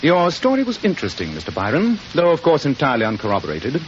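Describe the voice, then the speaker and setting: An actor playing a shrewd, cool-headed detective in a vintage radio drama, speaking crisply with dry irony. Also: male voice, on the high side, huge pitch swings, fast. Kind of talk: 1940s radio acting. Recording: muffled old radio broadcast with faint hiss.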